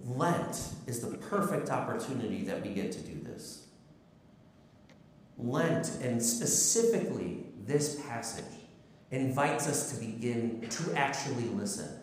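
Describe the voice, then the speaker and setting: A man's voice: mid-range voice, measured pace, slight background noise. A man preaching a sermon, telling a personal story, acting out the voices in it and asking the congregation rhetorical questions. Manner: storytelling, lively, acts out quotes, asks rhetorical questions. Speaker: pastor. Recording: echoey hall with long reverb.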